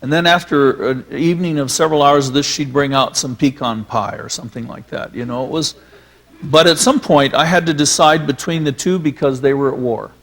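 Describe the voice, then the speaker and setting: A man reminisces onstage as a filmmaker guest, his stories rambling along with ums and restarts. His voice is fairly high and husky. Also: fairly quick. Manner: rambling storyteller, many fillers and restarts.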